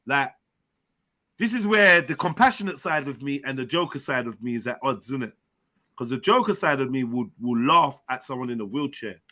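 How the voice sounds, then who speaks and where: A man hosting a live-stream chat show, telling stories in an animated way, full of slang and swearing. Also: mid-range voice, brisk. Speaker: host and personal trainer.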